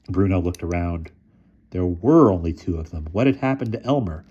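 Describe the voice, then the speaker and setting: Low, mellow male storyteller. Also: expressive, moderate pace, husky. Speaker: reader. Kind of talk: reading a children's novel aloud. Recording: dull lo-fi sound.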